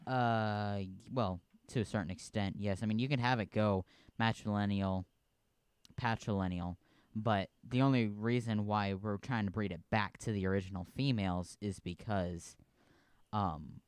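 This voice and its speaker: A man's voice: lowish voice, steady tone, normal speed, clean tone, no room sound. A man co-hosting a livestream, explaining steps plainly and steadily. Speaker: co-streamer. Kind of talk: casual livestream chat.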